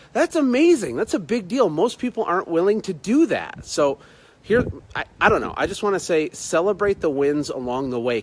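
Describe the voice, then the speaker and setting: A man talking casually to viewers on a phone livestream from outside his house at night, repeating himself and greeting people by name. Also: a little high. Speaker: business motivational speaker. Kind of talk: casual Facebook Live talk. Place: outdoors at home at night.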